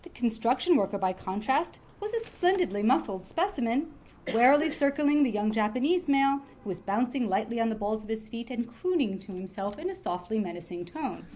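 A woman reading a comic novel aloud in a lively, expressive way. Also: on the high side, a little fast, a little hiss or hum. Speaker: reader.

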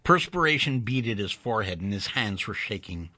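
A man narrating a story in an expressive, wry, measured reading. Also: fairly low pitch, dry recording.

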